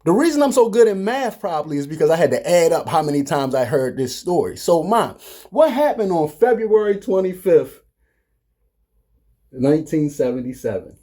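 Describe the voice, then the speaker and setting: A vlogger in his forties from Baltimore, Maryland, chats and teases casually in a family vlog, in a playful mood and laughing often. His voice is fairly high and mellow, moving at normal speed with big pitch swings, and he has a Baltimore accent.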